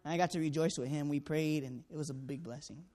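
A man's voice: on the high side, fairly even intonation, fast talker, mellow. Earnest man telling a testimony. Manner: earnest storytelling, acts out dialogue, frequent fillers. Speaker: student canvasser sharing a testimony. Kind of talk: personal testimony.

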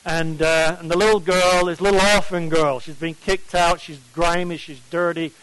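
A man's voice: fairly high pitch, steady tone, moderate pace, a bit bright, clean tone, rough recording. A man with an English accent preaching at a morning Bible study, emphatic and often putting questions to his listeners. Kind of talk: sermon.

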